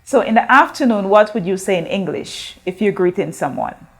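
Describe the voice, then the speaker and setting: A woman's voice: mid-range voice, animated. A woman teaching a recorded school language lesson, patiently drawing out words for learners to repeat and asking questions of the class. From Guyana. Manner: slow, drawn-out modeling of words for repetition. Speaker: Spanish teacher.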